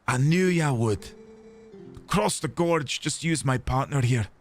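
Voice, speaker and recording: A man's voice: medium pitch, lively intonation, slow. A man reading game dialogue aloud, voicing a confident, friendly man with a put-on Scottish accent who urges the hero across a gorge. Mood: persuasive.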